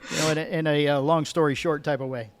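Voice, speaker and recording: A man's voice: fairly high pitch, fairly even intonation, quick pace, no room sound. A middle-aged man from Michigan telling a rambling story as a podcast guest, correcting himself as he goes. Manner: rambling, self-correcting, chatty. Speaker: guest, cigar sales manager. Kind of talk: casual storytelling.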